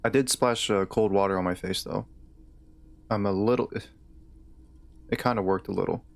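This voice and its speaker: A man's voice: on the low side, fairly even intonation, moderate pace, gravelly. A man with a Southern US accent chatting casually while streaming a game, rambling and hesitant with frequent restarts. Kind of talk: casual gaming stream chat.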